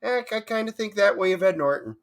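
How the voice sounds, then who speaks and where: A man's voice: high voice, lively intonation, fairly quick, vocal fry. A man co-hosting a casual movie review, chiming in briefly and giving blunt opinions. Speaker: movie review podcast co-host.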